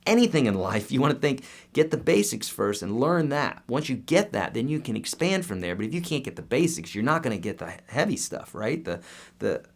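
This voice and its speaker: A man's voice: medium pitch, big pitch swings, fairly quick. A man in his thirties, a guitar teacher answering viewer questions in a casual, upbeat live-stream lesson. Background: guitar playing.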